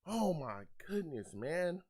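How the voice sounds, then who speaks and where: Taking it slowly, this young man hosting a live fan reaction show to a game rants in frustration, repeats himself, and reads chat comments. His voice leans high with big pitch swings and a darkish tone.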